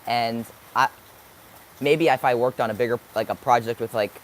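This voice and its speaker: With a medium pitch, fairly even intonation and a moderate pace, a young man in his late teens fields live-stream questions over a slight hiss or hum. He's upbeat, sometimes hyper, and thinks aloud as he looks for the right words.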